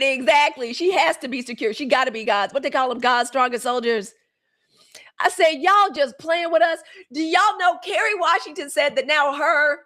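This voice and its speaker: Animated high-voiced woman, chatty host. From Mississippi, USA. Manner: animated, gossipy, cursing freely. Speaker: live show host. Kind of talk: casual live-stream chat.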